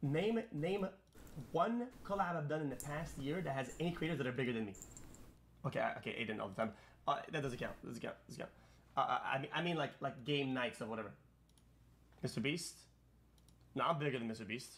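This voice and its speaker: A man streaming live, ranting in rapid, excitable bursts to his chat. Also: mid-range voice. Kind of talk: casual live-stream commentary.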